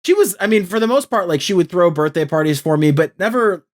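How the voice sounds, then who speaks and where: Man, podcast host, casual chat, emphatic, slightly high voice, acts out quotes. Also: lively intonation, fast.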